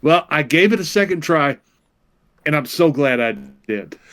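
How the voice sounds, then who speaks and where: A man on a comedy podcast acting as the weary straight man, with a voice sitting a little higher than most men's. He swears casually and keeps nudging the conversation along. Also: animated, moderate pace, fairly bright tone. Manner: exasperated straight man, swears, presses to move on. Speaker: podcast co-host. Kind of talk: crude comedic podcast banter.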